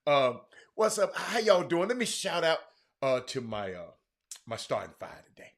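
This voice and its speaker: A man's voice: on the high side, very animated, normal speed. A man hosting a casual live-stream sports talk show, chatting loosely and greeting viewers by name. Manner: chatty, shouting out viewers by name, many restarts.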